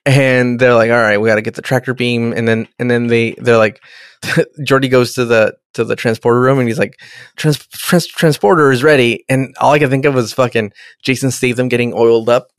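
A man's voice: medium pitch, flat delivery, a little fast, smooth, no room sound, studio quality. A man chatting casually on a podcast, swearing freely and acting out characters' lines as he retells a story. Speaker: podcast co-host. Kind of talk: casual profane chat.

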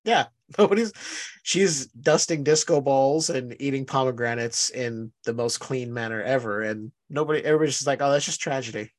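A man's voice: medium pitch, normal speed. A man appearing as a podcast guest, chatting casually and playfully, often laughing and agreeing.

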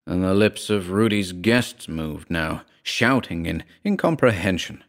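A man reading a first-person story aloud in a wry, measured way. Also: low voice, lively intonation. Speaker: narrator.

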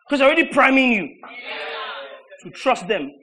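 A man preaching a sermon, emphatic and rhetorical, with mocking repetition that swings between shouted lines and low asides. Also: very animated, moderate pace, background noise.

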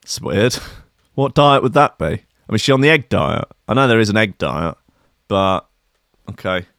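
A man's voice: on the low side, sing-song, moderate pace, fairly bright tone, no echo, clean studio sound. A man hosting a show, reading out news stories in casual commentary with sardonic, laughing asides. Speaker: host.

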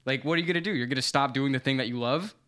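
A young man co-hosting a podcast, telling a story in casual chat, animated and swearing freely. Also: medium pitch, very fast. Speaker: podcast co-host.

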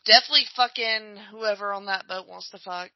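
A woman's voice: medium pitch, brisk, no room sound. A woman hosting a casual podcast, trading wry, laid-back quips while watching a movie. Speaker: podcast host. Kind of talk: casual live-watch chat. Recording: dull lo-fi sound, dry.

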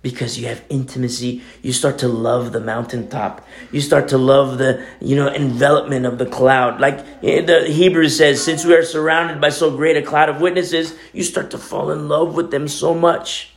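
A middle-aged man preaching a sermon in a conversational way, his voice swinging between loud emphasis and near-quiet asides. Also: medium pitch, steady tone, normal speed, hardly any pauses. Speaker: pastor.

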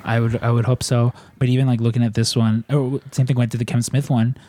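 A man's voice: medium pitch, level tone, quick pace, noisy background. A man hosting a podcast in casual chat, rambling and swearing freely into a podcast mic. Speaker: podcast host and editor. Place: room in a house. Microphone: podcast microphone.

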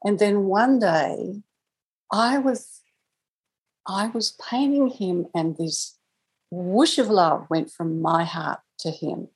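A woman's voice: medium pitch, takes it slowly, long pauses, slightly rough, poor audio. A woman guest on a podcast telling a personal story in a reflective, conversational way, laughing now and then. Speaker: guest, angel communicator.

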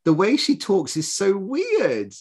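A man co-hosting a podcast in casual, animated chat, mocking people with impressions. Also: high-pitched, takes it slowly, slightly rough. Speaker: podcast co-host.

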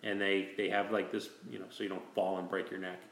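Male host, low-leaning voice, easygoing rambling storyteller, recorded in a reverberant room. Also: level tone, fast talker, a bit bright, a little hiss or hum. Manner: rambling, with many restarts and "you know". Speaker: host telling a hunting story. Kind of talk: casual storytelling chat.

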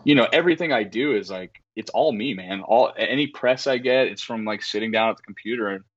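Animated swearing man telling stories. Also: fairly low pitch, a little fast, slightly rough, dull audio. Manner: animated storytelling, frequent profanity and fillers. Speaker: record label owner guest. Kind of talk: casual podcast chat.

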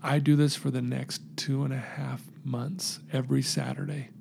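Gravelly-voiced man telling his story. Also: mid-range voice, moderate pace, slight background noise. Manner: earnest, animated storyteller acting out quotes. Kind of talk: personal storytelling interview.

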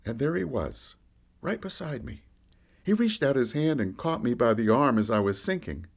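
A man's mid-range, creaky voice moves at normal speed as he plays a candid fisherman disciple. This podcast storyteller recounts his own story in the first person, with a lively tone that climbs and falls with the action.

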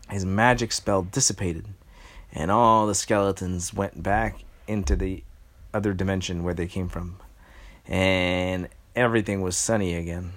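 A man improvising a bedtime story, halting and filling pauses with ums as he works out what happens next. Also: low voice. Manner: halting, with many pauses and fillers.

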